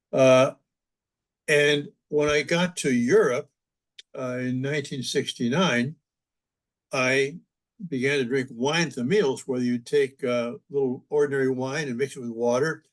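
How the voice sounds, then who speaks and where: An older man, a priest, reminiscing in an interview with relaxed, humorous storytelling. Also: medium pitch. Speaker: interview guest, priest and publisher. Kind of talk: anecdotal storytelling in conversation.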